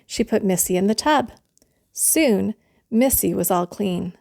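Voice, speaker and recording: Woman gently reading a bedtime story. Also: medium pitch, lively intonation, measured pace, vocal fry.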